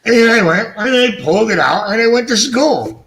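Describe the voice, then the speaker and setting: Here the fish-keeping channel host, a middle-aged man, speaks in a high, animated, slightly bright voice at normal speed. He rambles through his casual livestream, cursing freely and joking at his own expense, his words colored by missing front teeth.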